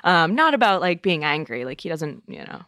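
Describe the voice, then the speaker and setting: Chatty young woman, low voice, dry sound. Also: sing-song, a little fast, fairly bright tone, no room sound. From Massachusetts, USA. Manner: chatty, full of fillers like "you know" and "um". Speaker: interview guest, wine buyer. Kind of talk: casual conversational storytelling.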